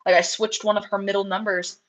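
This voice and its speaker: A woman's voice: mid-range voice, little pitch movement, fairly quick, fairly bright tone. Chatty woman rambling on a livestream. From United States. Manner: rambling, chatty, lots of fillers and asides. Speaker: livestream host, rabbit breeder. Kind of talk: casual livestream chat. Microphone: headset.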